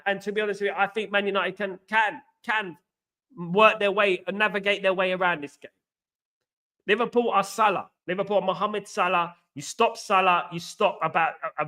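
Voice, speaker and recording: Answering viewers in the chat, a passionate football fan rambles energetically through his live stream as host. He has a high-sitting male voice that sounds bright and forceful.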